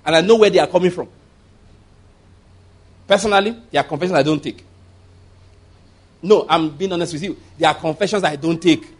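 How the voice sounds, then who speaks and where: A man's voice: a little high, fairly quick, pauses often. A man preaching a conversational sermon as pastor, rambling through asides and chuckling often.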